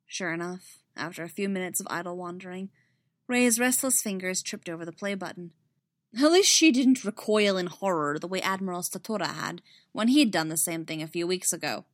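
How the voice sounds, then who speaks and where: A woman reading a story aloud in a quiet, measured way. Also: lowish voice, expressive, no echo. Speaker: narrator. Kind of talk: audiobook reading.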